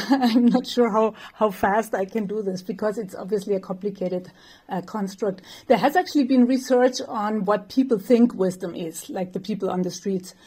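A woman's voice: medium pitch, normal speed, darkish tone, husky. A woman professor, answering interview questions thoughtfully, with light laughs and some fillers. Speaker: developmental psychology professor, guest.

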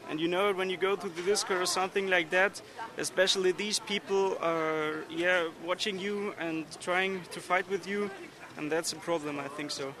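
Young man, high voice, hesitant English, street crowd behind. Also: fairly even intonation, normal speed. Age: young adult. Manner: hesitant, speaking a second language. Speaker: street interviewee.

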